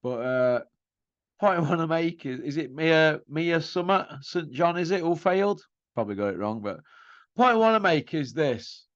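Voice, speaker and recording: A man hosting his own boxing talk show delivers a mocking, combative rant packed with rhetorical questions. His voice sits a little high for a man. The recording is dry and somewhat dull and lo-fi. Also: expressive, moderate pace, no echo. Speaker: boxing commentary host. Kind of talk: ranting opinion monologue.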